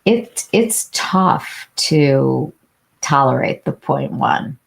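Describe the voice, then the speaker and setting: A woman's voice: a bass voice, expressive, extremely slow, vocal fry, slightly rough. A woman hosting a casual beauty livestream, chatting with viewers, answering them by name with lots of fillers and restarts. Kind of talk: casual live chat reading viewer comments.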